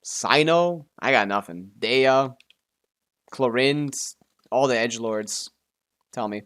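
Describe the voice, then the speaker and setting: A man's voice: medium pitch, slow pace, a bit bright, smooth. Man muttering through a game stream. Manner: mumbling, self-correcting, laughing to himself, swears. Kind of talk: casual stream commentary.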